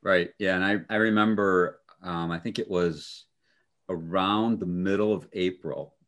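A man co-hosting a podcast, telling a story in a relaxed way with dry, sarcastic humor and lots of fillers. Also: sits low, measured pace. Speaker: podcast co-host. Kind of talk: casual conversational storytelling.

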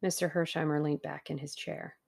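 A woman narrating a novel in a measured audiobook reading. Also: sits low, flat delivery, vocal fry, darkish tone.

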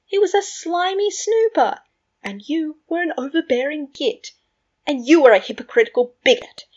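A woman's voice: a little high, lively intonation, normal speed, slightly rough. A woman reading a fan fiction audiobook, voicing a blunt, brash young wizard rebel. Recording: dull lo-fi recording.

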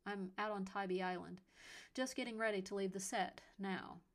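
A composed mother who works as an actress answers firmly, voiced by the woman reading. She keeps an even, steady tone. It is an audiobook reading. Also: medium pitch, moderate pace, close to an everyday voice. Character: working actress and mother, calm but firm.

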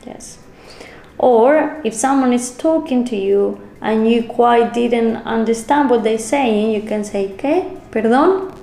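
A woman with a Spanish accent, co-hosting a casual language lesson and modeling phrases slowly and carefully. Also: fairly high pitch, dark tone, reverberant. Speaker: Spanish teacher co-host.

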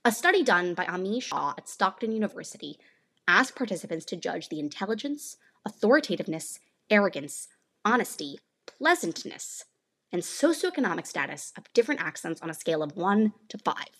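A woman's voice: fairly low pitch, very animated, a little fast, fairly bright tone, slightly rough. A woman in her late teens hosting a podcast, delivering a scripted monologue with playful, teasing asides. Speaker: podcast host.

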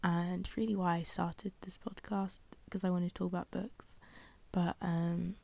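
A young woman rambles through a casual solo podcast, full of fillers and self-deprecating asides. Her voice is low with a gravelly fry. The sound is dry and mellow, with no room around it. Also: level tone, measured pace, no room sound. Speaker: podcast host.

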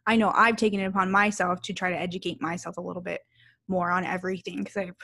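A woman in her thirties co-hosting a podcast, telling a story in casual chat, animated and laughing, swearing freely. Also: on the low side, fast. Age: 30s. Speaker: podcast co-host.

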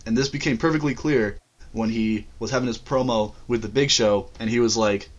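A man co-hosting a casual wrestling podcast, giving measured opinions with dry asides. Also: fairly low pitch, steady tone. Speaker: podcast co-host. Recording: dull lo-fi mic.

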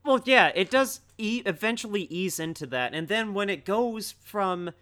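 A young man in excitable, casual podcast chat who often says "dude.". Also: sits high, normal speed.

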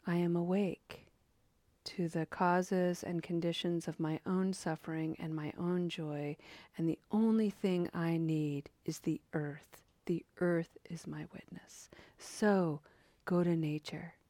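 Calm, resolute Buddha, quoted by a woman, hushed and solemn, unhurried. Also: lowish voice, no echo.

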